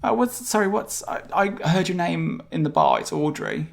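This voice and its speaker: A man's voice: high-pitched, huge pitch swings, full character voice. A man voicing a nervous, stammering female talking hamster in a tabletop game. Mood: anxious pleading. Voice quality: gravelly, halting, stammering.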